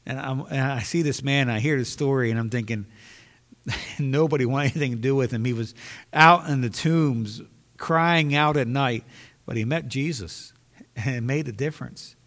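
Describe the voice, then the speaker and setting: A man's voice: medium pitch, moderate pace, a bit bright. A man preaching a sermon with emphasis, repeating phrases to drive his points home. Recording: long hall reverb.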